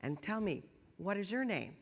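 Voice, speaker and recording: A woman voicing a genial male saint who judges souls at heaven's gate, in jovial storytelling with drawn-out emphasis. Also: mid-range voice, big pitch swings. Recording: long hall reverb.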